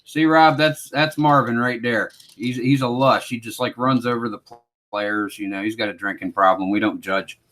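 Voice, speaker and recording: A man running a solo tabletop hockey game, calling each play like a sportscaster in a relaxed, self-mocking way. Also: mid-range voice, normal speed. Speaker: board game player and host.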